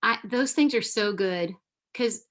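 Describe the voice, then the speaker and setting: A woman's voice: fairly high pitch, takes it slowly, fairly bright tone. A woman on a church women's panel, speaking earnestly and affirmingly, often breaking off and restarting her sentences. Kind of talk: casual panel discussion.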